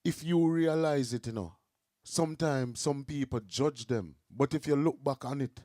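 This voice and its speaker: A man's voice: medium pitch, normal speed, dark tone, no echo, studio quality. A middle-aged man with a Jamaican accent, explaining his views earnestly in casual podcast chat. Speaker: podcast host.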